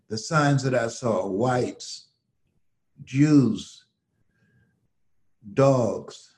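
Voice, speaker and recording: An older man from the United States speaks as a motivational guest. He talks slowly and emphatically, leaning on words like a preacher, in a voice of ordinary middle pitch. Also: a little mellow. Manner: slow, emphatic preacher-like delivery. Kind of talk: storytelling motivational talk.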